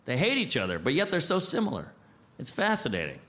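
A man in his thirties doing a stand-up comedy set with a punchy, animated delivery, speaking into a handheld mic on stage. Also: fairly high pitch, a little fast. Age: 30s. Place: comedy stage before a live audience.

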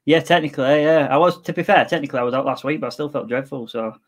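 A man's voice: on the high side, racing. A young man co-hosting a casual football podcast, talking in a dry, teasing way. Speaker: podcast co-host.

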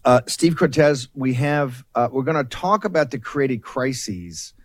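A man's voice: mid-range voice, lively intonation, a little slow, no room sound. A male talk-show host who speaks emphatically and keeps repeating key phrases. His voice sits dry and close to the mic, with no room sound around it. He cuts in on his guest. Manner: emphatic, repetitive, interrupts guest.

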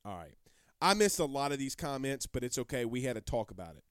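A man's voice: mid-range voice, sing-song, fast, a bit bright, smooth, no room sound, clean studio sound. A man hosting a live sports talk show, brash and rambling, repeating himself as he answers viewer comments.

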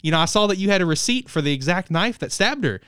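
Brief: a man's high put-on voice of a lovestruck young woman detective, gushing and pushy. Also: animated, fast, a bit bright, clean tone, dry recording, clean studio sound.

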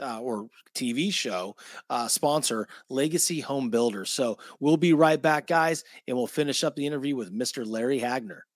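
A man's voice: medium pitch, no echo, studio quality. A man hosting an interview show, casually praising his guest before a break. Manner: warm, effusive praise, casual address. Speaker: host. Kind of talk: interview and read sponsor ad.

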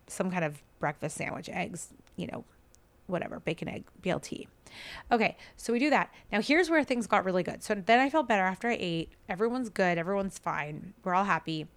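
A woman podcast host casually telling a family story, chatty and animated, acting out quoted dialogue. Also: fairly low pitch.

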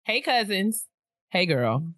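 A young woman co-hosting a casual chat show, reading out listener emails with lively, laughing asides. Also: medium pitch, slow, no room sound. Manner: animated, laughing often, playful asides. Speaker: podcast co-host.

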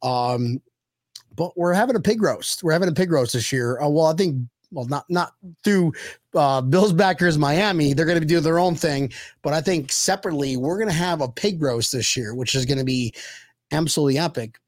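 An excitable man hosts a loose, casual chat, bragging and joking with his guests. His voice sits fairly high, recorded dry and close. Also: normal speed, no room sound. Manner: excitable, laughs often, boastful banter. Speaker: host. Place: Miami area.

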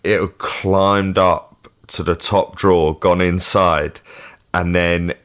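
Deep, slow laid-back Cockney man. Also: steady tone, fairly bright tone, clear, resonant tone. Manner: laid-back, unenthusiastic, slangy. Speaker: podcast co-host. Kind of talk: casual podcast banter.

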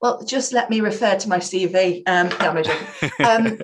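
A woman's voice: medium pitch, moderate pace, background noise. A young adult woman, an improv performer, talking chattily and animatedly in a casual interview, with self-mocking humor.

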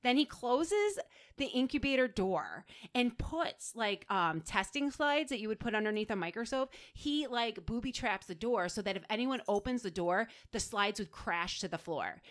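A woman's voice: on the high side, lively intonation, moderate pace, a bit bright. A woman co-hosting a podcast, telling a story in casual chat and acting out the quotes with animation. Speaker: podcast co-host.

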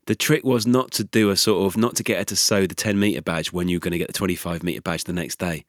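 A man's voice: deep voice, fast, dry recording, studio quality. A man hosting a podcast in casual chat, bantering with his co-host and reading out listener messages.

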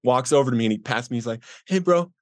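A middle-aged man earnestly telling his personal recovery story as a podcast guest, voicing the people in it with raised pitch. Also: level tone, rapid-fire, no room sound, clean studio sound. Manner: earnest, acts out quoted voices with rising pitch.

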